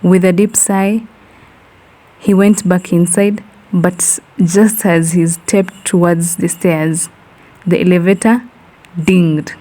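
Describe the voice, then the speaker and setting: A woman narrating a comic horror story in an unhurried way, dropping in slang asides. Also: on the low side, steady tone, warm tone, low-quality recording.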